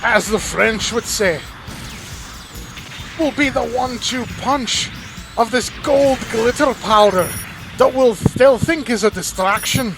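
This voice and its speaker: A man's voice: slow, noisy background, full character voice. A man voicing a boastful, zany male engineer in a put-on Scottish accent, talking in a manic rush. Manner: manic, boastful, shouting pitch.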